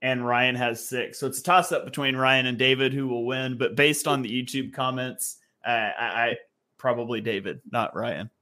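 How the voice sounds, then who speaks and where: A man's voice: medium pitch, steady tone, moderate pace, pushed and bright. A man hosting a casual sports podcast panel over a remote call, laughing often and steering the talk. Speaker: podcast host.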